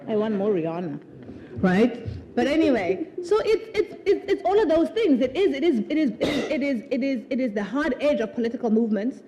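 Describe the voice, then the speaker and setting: At a live festival event, a woman author talks conversationally at her own book launch, chatting animatedly in front of the audience. She laughs often and restarts sentences with repeated words, her high, expressive, mellow voice moving briskly.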